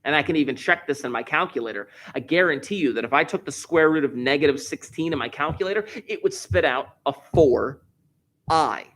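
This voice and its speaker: A man's voice: a little high, fairly quick, fairly bright tone. A male math teacher walking a class through a problem step by step, repeating key points and stressing words for emphasis. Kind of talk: classroom lesson.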